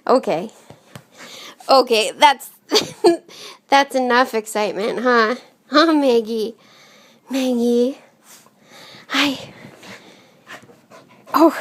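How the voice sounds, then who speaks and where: A woman's voice: sits high, expressive, slow pace, long pauses. A young woman at home, gushing to her dog in baby talk with laughter, filmed on a handheld camera. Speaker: dog owner filming her pet. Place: home, indoors.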